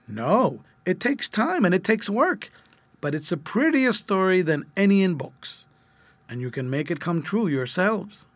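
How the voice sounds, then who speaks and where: A man voicing a patient, gentle mother of three children in a storybook reading, speaking softly and kindly. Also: high voice, sing-song, a little slow, no room sound, pitched above the performer's own voice, exaggerated voice.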